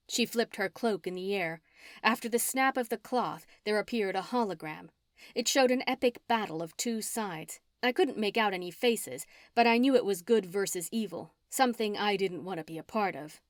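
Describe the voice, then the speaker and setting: A woman narrating a first-person audiobook with an expressive, dramatic reading. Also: mid-range voice, normal speed, no echo, studio quality.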